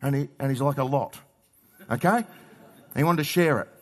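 A middle-aged Australian man preaching a sermon in a conversational way, swinging between loud emphasis and quiet asides. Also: on the high side, fairly quick. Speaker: pastor.

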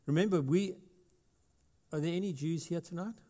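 A man's voice: fairly high pitch, normal speed, dark tone. South African man preaching in a reverberant hall. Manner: conversational preaching, rising to emphatic passages. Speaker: pastor. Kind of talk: sermon.

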